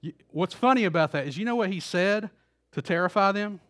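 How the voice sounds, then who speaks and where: A man with a high voice preaches in a church, telling the story in a relaxed, conversational way. He repeats his words now and then and acts out the quoted lines as he goes. He speaks into a stage microphone. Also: fairly quick. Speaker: pastor. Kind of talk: sermon. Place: church auditorium.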